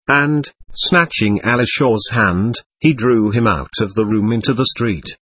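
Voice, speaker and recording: Husky male audiobook narrator. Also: fairly low pitch, a bit bright, dry recording. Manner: measured storytelling. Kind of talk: scripted narration.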